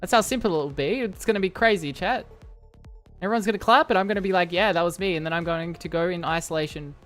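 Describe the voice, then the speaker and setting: A woman's voice: lowish voice, fast. A young woman streaming live, chatting with her viewers in a playful, rambling way. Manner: playful, rambling, talks to chat. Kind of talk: casual live-stream chat. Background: faint music.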